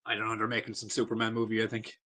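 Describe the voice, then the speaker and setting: A man's voice: lowish voice, completely flat delivery, racing, bright, forceful tone. A man, co-hosting a podcast in loose, sweary casual chat full of fillers. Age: 40s. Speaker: podcast co-host.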